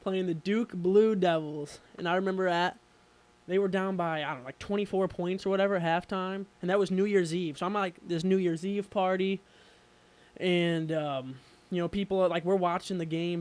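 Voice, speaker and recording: A young man co-hosting a radio show, telling sports stories in an excitable, rambling way full of fillers. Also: high voice, fairly quick. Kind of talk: casual sports chat.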